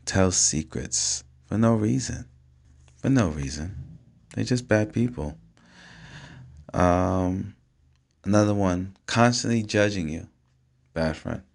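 Vlogger, male, lowish voice, casual profane riffing to camera. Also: takes it slowly, vocal fry, long pauses. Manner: loose, streetwise, swears freely, keeps asking "you know what I'm saying". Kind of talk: casual solo talk to camera.

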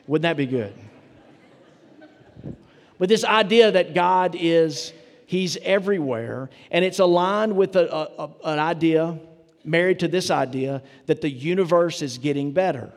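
Pastor preaching in a reverberant hall. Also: male voice, on the high side, darkish tone. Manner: storytelling, conversational preaching with asides to the congregation. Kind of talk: sermon. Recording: long reverb of a large hall.

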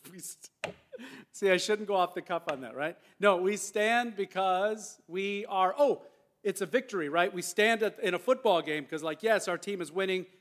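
A man's voice: high-pitched, fairly bright tone. A male pastor preaching a conversational sermon with casual asides and restarts in a church sanctuary.

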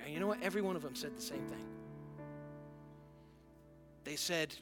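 Middle-aged male pastor with a raised pitch, earnest, restarts often, preaching with music under him. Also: a little fast, long pauses. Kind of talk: sermon. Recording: music playing softly behind.

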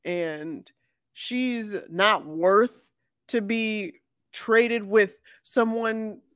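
A podcast co-host in casual chat, talking haltingly with many restarts. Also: mid-range voice, a bit bright, dry recording, studio quality. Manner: hesitant, stumbling restarts, slow.

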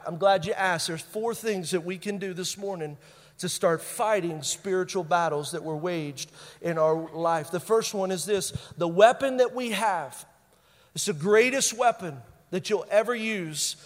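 A male pastor preaching a sermon. He stresses key phrases by repeating them, and he moves between loud bursts and quiet, intense lines. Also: sits high, unhurried. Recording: long reverb of a large hall.

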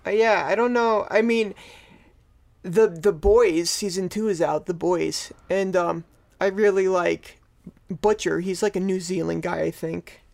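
A man's voice: sits high, fairly even intonation, a little slow, gravelly. A man co-hosting a podcast in rambling, sarcastic casual chat, swearing freely. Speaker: podcast co-host.

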